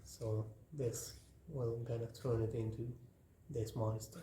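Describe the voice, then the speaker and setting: A man walks through a paper craft step by step in an unhurried, repetitive way. His voice is mellow, and his speech is slow. The room sounds echoey, with a faint hiss underneath. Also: mid-range voice. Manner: relaxed, repetitive, talking while folding paper. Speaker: craft tutorial host. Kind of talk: hands-on craft demonstration. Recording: roomy echo, faint noise.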